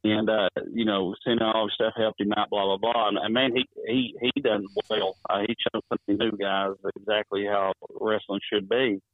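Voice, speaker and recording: A wrestling promoter, telling stories in a rambling, chuckling way while calling in to an interview. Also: male voice, lowish voice, level tone, moderate pace, few pauses, no room sound. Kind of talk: phone-in interview storytelling. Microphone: phone. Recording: tinny dry phone line.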